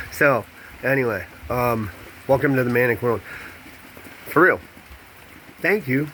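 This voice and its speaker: A man talks to a phone camera in a loose, confessional way and hops from thought to thought. His voice sits at an ordinary middle pitch. A soft background hum runs under it. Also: measured pace, long pauses. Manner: rambling, candid, jumps between thoughts; paces while talking. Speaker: vlogger and podcast host. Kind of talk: casual confessional monologue to camera.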